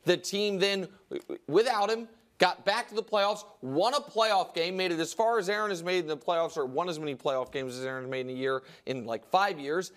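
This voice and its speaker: A man hosting a sports talk show, making emphatic, argumentative points in a fast debate style. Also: high-pitched.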